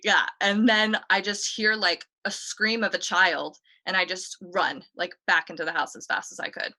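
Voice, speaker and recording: This woman, a guest on a talk show, shares a ghost story in a lower-pitched voice with a bright, forward quality. She keeps a steady tone at normal speed, chatting casually and peppering her speech with "like" and "you know."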